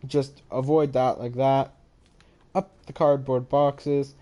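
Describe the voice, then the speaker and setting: A young gaming channel host walks casually through his own game maps, talking into a head-mounted microphone. His medium-pitched, mellow voice is flat and slow, and he rambles sleepily, yawning and apologizing.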